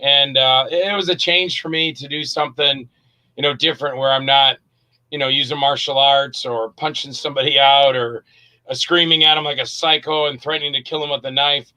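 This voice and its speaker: Bright-voiced man telling animated stories. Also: mid-range voice, a little fast, poor audio. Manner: animated storyteller, acts out quotes. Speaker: actor and director, interview guest. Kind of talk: casual interview chat.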